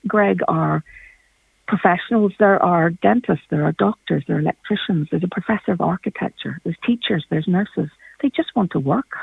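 Calling a radio show by phone, a Northern Irish woman speaks with passion and emphasis in a low, gravelly, husky voice. There is no room sound, just the tinny quality of the phone line.

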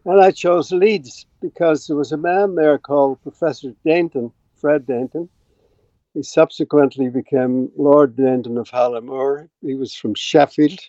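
An Irish man in his eighties, a retired scientist telling stories in a rambling, anecdotal way, often clearing his throat. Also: fairly high pitch, steady tone, a little slow, dark tone, dry recording, highs cut off. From Ireland. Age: 80s. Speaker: guest scientist. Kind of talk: relaxed storytelling.

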